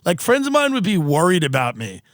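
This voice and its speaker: A man's voice: high-pitched, no room sound, clean studio sound. Sardonic man telling a story. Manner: sardonic, animated anecdote-telling with quick asides. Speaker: podcast host. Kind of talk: comedic storytelling on a podcast.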